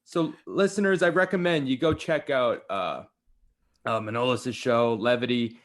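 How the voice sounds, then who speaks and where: Earnest Canadian radio host. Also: male voice, mid-range voice, moderate pace. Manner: earnest, enthusiastic, addresses listeners. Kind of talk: radio interview chat. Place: radio studio.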